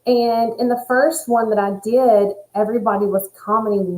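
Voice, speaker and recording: A woman's voice: fairly high pitch, moderate pace. Earnest woman in an echoey room. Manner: animated, earnest, spiritual phrasing. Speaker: nurse and spiritual coach. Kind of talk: casual chat.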